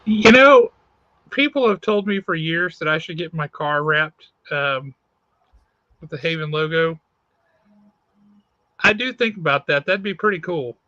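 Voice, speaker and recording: A man's voice: a little high, lively intonation, unhurried, pauses often, bright, forceful tone, dry recording, muffled recording. A man hosting a comic shop podcast over a video call, chatting casually and reviewing comics in an easygoing, self-correcting way.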